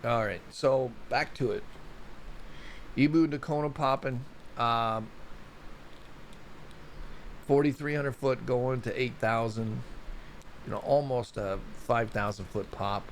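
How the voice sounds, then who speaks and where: Brief: American male host, casual and rambling, gravelly edge, mid pitch, faint noise behind. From United States. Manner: rambling, folksy, talks to viewers. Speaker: host of a science news show. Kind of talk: casual live commentary.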